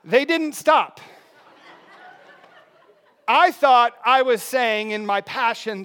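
A man in his thirties delivers a sermon with a high, light voice. He tells stories with energy and swings between quiet asides and loud emphatic bursts. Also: normal speed. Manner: animated storytelling with laughs and sudden shouts. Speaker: pastor. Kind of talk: sermon with personal story.

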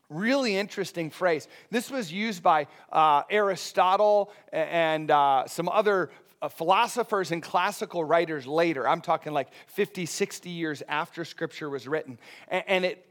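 A middle-aged man delivers a sermon in an easygoing, conversational way, often checking in with his listeners. His voice sits noticeably high for a man. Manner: conversational, animated, often asking "right?". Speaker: pastor.

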